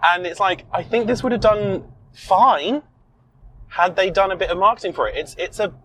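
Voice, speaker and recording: A man's voice: high-pitched, normal speed, pushed and bright, slight background noise, rough recording. A man co-hosting a podcast, chatting casually about a film he has seen. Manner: chatty, swears when startled. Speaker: podcast co-host. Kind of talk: casual film review chat. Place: inside a car.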